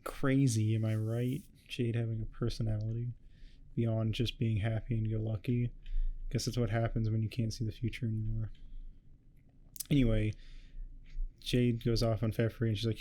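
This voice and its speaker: A man giving a rambling, heavily swearing casual recap of a webcomic, tossing off quick quotes of the characters. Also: fairly low pitch, flat delivery, mellow. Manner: swears a lot, rambling and offhand. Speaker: host. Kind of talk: casual comic recap commentary.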